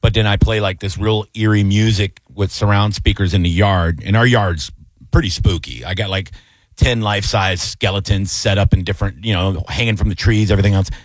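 A man's voice: fairly low pitch, steady tone, a little fast, no echo. A man hosting a radio show, chatting casually in a laid-back, rambling way full of fillers.

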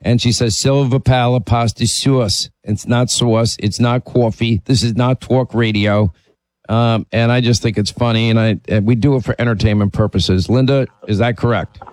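A man's voice: fairly low pitch, steady tone, moderate pace, a little mellow, no echo. A man hosting a call-in talk radio show, talking emphatically and opinionatedly, sometimes restarting his sentences.

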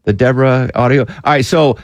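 A man's voice: medium pitch, fairly quick, no echo. A man hosting a radio talk show, chatting casually and joking, slipping into voices of imagined fans. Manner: jokey, animated, puts on voices of fans.

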